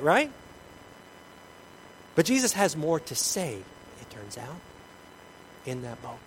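A man preaching a sermon, telling the story dramatically and moving between loud passages and hushed ones. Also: on the high side, a little hiss or hum, low-quality recording. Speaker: pastor.

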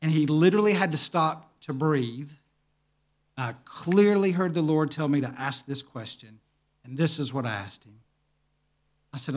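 A man with a somewhat high voice preaches to his congregation. He tells a story vividly and acts out the dialogue in an earnest way. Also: expressive, moderate pace, long pauses. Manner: quiet, earnest. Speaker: pastor. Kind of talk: sermon storytelling.

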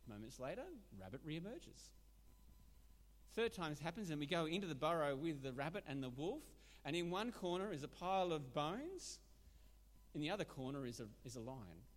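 A man delivers a sermon with emphatic, animated drive. His pitch climbs and falls widely as he presses his points. Long reverb rings around him in the hall. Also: normal speed. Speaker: preacher.

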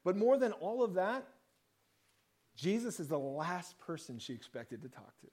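High-voiced man preaching conversationally. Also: very animated, normal speed, darkish tone, slightly rough. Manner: conversational preaching, acts out quoted lines. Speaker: pastor. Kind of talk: sermon.

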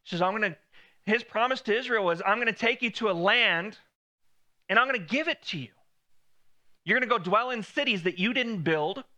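A man's voice: sits high, lively intonation, brisk, long pauses, pushed and bright. A man preaching a sermon in a conversational way, lifting his voice when he quotes God.

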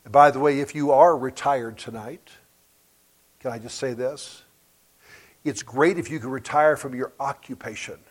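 A sixty-something guest preacher talks at normal speed in a medium-pitched voice, leaving long pauses. Through his storytelling he builds to sudden, emphatic increases in volume.

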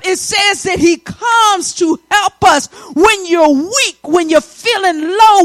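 High-voiced woman preaching a sermon. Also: a little slow, few pauses, dry recording. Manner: call-and-response preaching, rising to shouts; colloquial, folksy asides.

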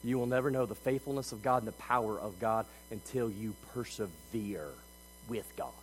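A man preaching a sermon as pastor, moving between loud, emphatic passages and quiet, intimate asides. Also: on the low side, moderate pace, in a large hall, poor audio. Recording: faint mains hum.

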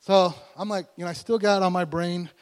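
A man preaching a conversational sermon as pastor, animated and slowing down to stress scripture. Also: high voice. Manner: conversational and animated, voice rising in bursts; slows down to stress scripture words. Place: church sanctuary. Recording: long hall reverb.

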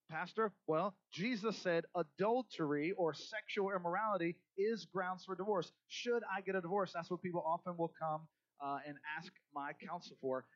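A male pastor preaching a sermon, animated, swinging between loud emphasis and soft asides. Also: fairly high pitch, no room sound, highs cut off.

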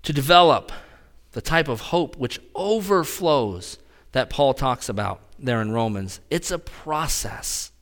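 A man preaching a conversational sermon as a pastor, talking straight to his congregation in an animated way. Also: mid-range voice.

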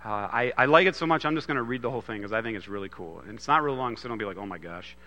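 Talking very fast in a mid-range voice that sounds pushed and bright, a pastor preaches on a Father's Day morning. He keeps it loose and conversational, restarting often, while a long hall reverb trails his words.

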